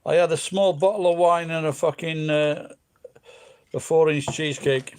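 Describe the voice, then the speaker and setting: A man's voice: on the high side, steady tone, moderate pace, clear, resonant tone. A middle-aged man rambling casually, swearing freely and drifting between thoughts. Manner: crude, swears freely, meandering. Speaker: vlogger.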